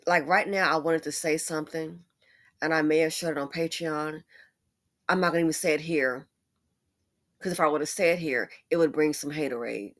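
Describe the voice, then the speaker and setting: A woman with a fairly low voice talks through her commentary in a loose, chatty way. She gets animated in her asides and keeps a conversational tone throughout. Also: normal speed. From United States. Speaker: commentary YouTuber. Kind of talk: casual commentary monologue.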